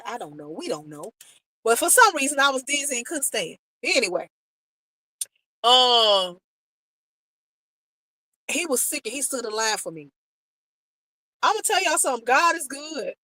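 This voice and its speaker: A woman's voice: a little high, dry recording, poor audio. An American woman vlogger telling a personal travel story to her viewers in a casual, emotional way, acting out what people said. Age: adult, married. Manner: emotional, animated retelling, quotes people, talks to viewers directly.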